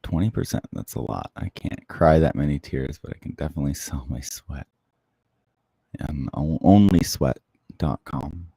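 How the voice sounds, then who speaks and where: A man hosting a casual livestream, chatting softly and closely into the microphone as he answers viewer comments. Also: a bass voice, expressive, normal speed, creaky, breathy edge, no room sound. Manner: soft-spoken, close to the mic. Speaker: livestream host.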